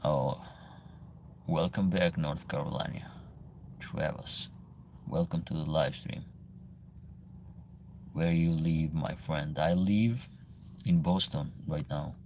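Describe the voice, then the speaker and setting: A man from Albania with an Albanian accent, hosting a casual livestream Q&A, reading viewer comments aloud and answering in halting, broken English. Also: rumbling low, fairly even intonation, a little mellow, a little hiss or hum.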